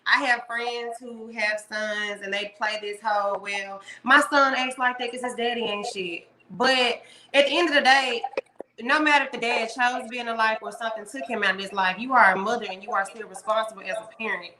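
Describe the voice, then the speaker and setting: A woman's voice: fairly high pitch, steady tone, a little fast, roomy sound, a crowd in the background. A woman, a mother, giving her view earnestly in a casual group discussion. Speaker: panel guest.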